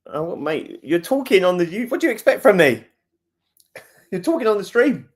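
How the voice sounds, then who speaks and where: A man hosting a fan livestream, chatting casually and jokingly, answering viewers' comments. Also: medium pitch. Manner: chatty, jokey, talks straight to viewers. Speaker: fan channel host.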